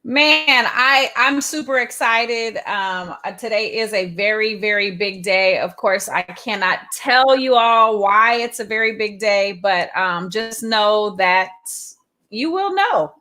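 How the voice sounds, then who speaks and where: A woman from California co-hosts a live online talk show. Her voice is bright and forceful, and she talks in a chatty, loose way, filling pauses with ums and uhs. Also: medium pitch. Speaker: co-host.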